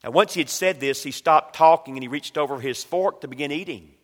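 A male pastor preaching a sermon, swinging from loud emphatic lines to quiet storytelling. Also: a little high, fairly quick, big-room sound.

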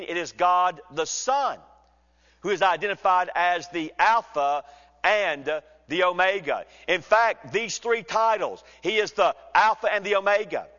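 A man preaching an expository sermon, measured and emphatic, slowing down to read scripture. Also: high voice, fairly bright tone. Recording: dull sound with long hall reverb.

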